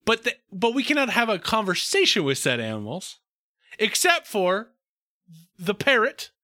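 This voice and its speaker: A man's voice: high voice, big pitch swings, normal speed, sharp tone, no echo, studio quality. A man co-hosting a podcast in casual chat, playful and wordy with a mock-formal streak. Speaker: podcast co-host.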